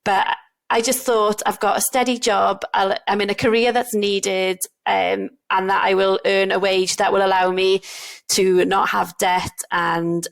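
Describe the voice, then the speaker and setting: Gravelly-voiced woman in casual podcast chat. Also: mid-range voice, measured pace. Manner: animated, laughs often, trails off and restarts. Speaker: podcast co-host, doctor in GP training.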